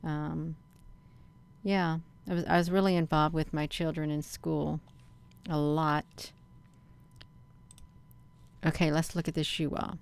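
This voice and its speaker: A middle-aged woman rambles chattily in casual commentary over a webcam feed, regularly calling her viewers "you all." Her low, smooth voice is creaky and level, moving slowly with long pauses.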